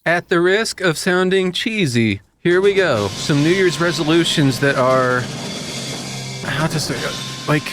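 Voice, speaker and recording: A man's voice: a little high, a little slow, music in the background. A man hosting a casual talk show, speaking in an earnest, rambling, self-deprecating way. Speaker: radio host. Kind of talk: casual chat.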